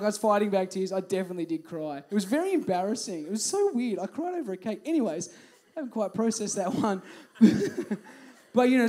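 A man's voice: sits high, a little mellow. Chatty young Australian man preaching. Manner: chatty, storytelling, playful. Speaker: youth pastor. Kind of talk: youth group talk. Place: youth group hall.

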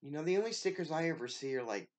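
A woman's voice: sits low, expressive, fast talker, darkish tone. A woman from the United States, a craft vlogger, opening a package in a casual show-and-tell and gushing with thanks over every piece.

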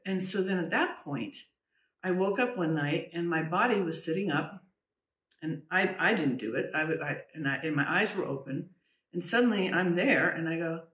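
A woman tells a personal story in an earnest, halting way, often restarting her sentences and falling to a hush at the eerie moments. She sits back from the microphone. The room adds a clear echo around her voice. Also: fairly low pitch. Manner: earnest, halting, with many restarts and "you know"; drops to a hushed voice when recounting the eerie moments. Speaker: trance channel medium, interview guest. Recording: roomy, distant from the mic.

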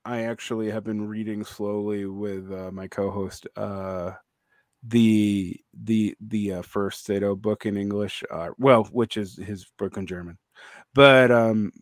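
A man's voice: on the low side, steady tone, takes it slowly, no echo, clean studio sound. A man in his forties hosting a podcast, chatting casually, rambling and restarting often with many fillers. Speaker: podcast host. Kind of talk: casual conversation.

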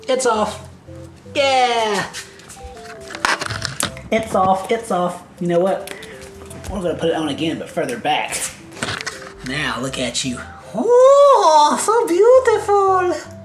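A young man vlogging at home, chatting in playful baby talk to his dogs. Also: high voice. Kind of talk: casual home vlog. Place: home indoors.

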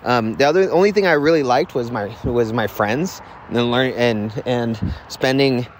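A man talks casually as a podcast host, rambling through a story with restarts and self-deprecating asides. His voice sits at an ordinary middle pitch. Faint traffic passes in the background outdoors. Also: unhurried. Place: outdoors near a road. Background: faint passing traffic.

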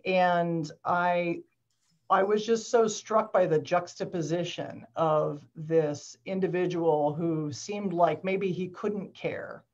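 A woman's voice: lowish voice, slow pace, darkish tone, highs cut off. A woman in her forties, a doctor, talking in a hesitant, reflective way over a video call. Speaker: doctor and guest author.

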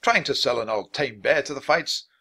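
A man's voice: mid-range voice, lively intonation, normal speed, gravelly, sharp tone, breathy edge, pitched above the performer's own voice, exaggerated voice. A man voicing a kindly, assured playwright with courtly manners. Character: kindly confident adult playwright.

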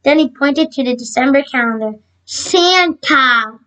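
A woman with a high voice narrates a children's chapter book aloud. She stumbles on words and goes back to fix them, reading at an easy storytime pace. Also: unhurried, poor audio. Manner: frequent slips and self-corrections. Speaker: storybook reader.

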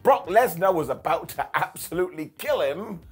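A man's voice: on the high side, animated, normal speed, breathy edge. A man giving a jokey, sarcastic recap of a wrestling show as its host. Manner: sarcastic, jokey, mocking voices. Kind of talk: comedic recap.

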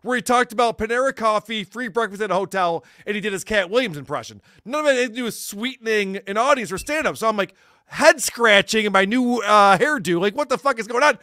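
A man's voice: high-pitched, lively intonation, fast talker, pushed and bright, no room sound, studio quality. A man talking as a podcast guest in casual chat, ranting with sarcasm and swearing.

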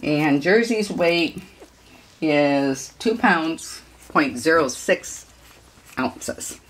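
A woman's voice: deep voice, expressive, very slow. A woman dog breeder chatting casually in a home video, rambling and cooing at puppies.

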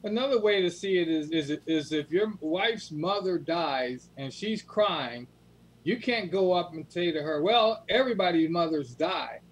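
A man's voice: a little high, lively intonation, unhurried, breathy edge, rough recording. A man on a chat panel, earnestly explaining his view with a story.

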